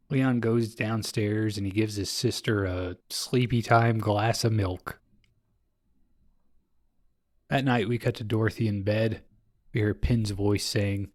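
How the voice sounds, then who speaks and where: A man's voice: on the low side, unhurried, darkish tone, no room sound, clean studio sound. A man on a podcast casually retelling a film's plot, laid-back and swearing freely. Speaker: podcast host recapping a film. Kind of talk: casual chat.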